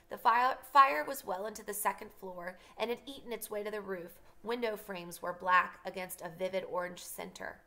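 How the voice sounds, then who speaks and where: Bright-voiced woman reading aloud. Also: mid-range voice, gravelly. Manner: stops to explain passages to students. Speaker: teacher. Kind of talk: reading a novel aloud for a class.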